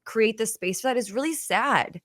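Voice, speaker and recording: A woman's voice: a little high, moderate pace, no echo, studio quality. A woman hosting a podcast, telling stories in an earnest, casual way with many fillers like "you know". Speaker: podcast host.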